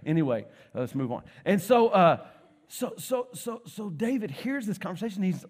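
Man, preacher, high voice, lively storytelling sermon, joking asides, church. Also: moderate pace.

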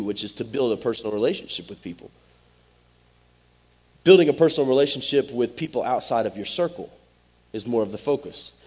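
Husky-voiced pastor preaching conversationally. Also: male voice, mid-range voice, dark tone. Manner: direct, conversational, Southern-tinged "y'all" asides. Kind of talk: sermon.

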